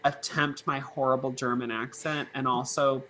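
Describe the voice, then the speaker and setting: A woman's voice: rumbling low, level tone, moderate pace, a loud crowd. A woman who teaches music, chatting casually as a podcast guest, rambling and laughing often with lots of fillers. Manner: giggly, rambling storyteller with many fillers.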